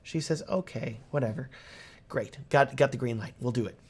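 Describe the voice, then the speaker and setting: A man's voice: medium pitch, fairly quick. Chatty young man on a live stream. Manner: animated, talkative, reading comments aloud.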